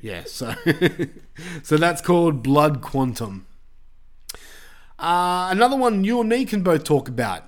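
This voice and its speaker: A man's voice: a little high, sing-song, slow pace. A man hosting a podcast, chatting loosely with lots of fillers and casual swearing. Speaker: podcast host.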